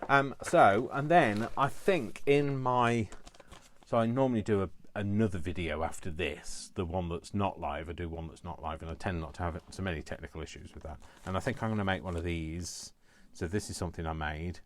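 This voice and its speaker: A man in his fifties talks through a live crafting session from his kitchen at home. His voice sits fairly low. He rambles from one idea to the next and drops playful asides as he goes. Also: moderate pace, slight background noise. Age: 50s. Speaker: crafting vlogger. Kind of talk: live casual crafting chat.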